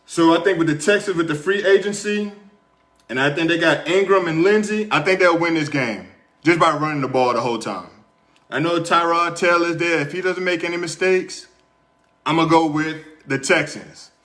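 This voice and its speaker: A slightly bright, higher-pitched male voice at a moderate pace belongs to a young podcast host in a small, hot-lit studio room. He recounts a casual story, then covers his sports picks, chatting with viewers and circling back over the same points.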